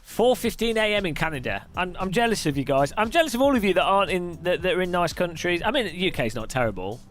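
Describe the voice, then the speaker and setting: A man's voice: high-pitched, sing-song, fast talker, fairly bright tone, soft background music. A man chatting casually on a live sim racing stream, reading viewers' messages aloud and laughing often.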